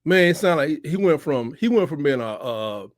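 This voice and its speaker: A man's voice: a little high, normal speed, no room sound, clean studio sound. A man, co-hosting a casual sports talk podcast and telling stories with lots of acted-out quotes. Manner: animated storyteller, acts out quotes. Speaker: co-host.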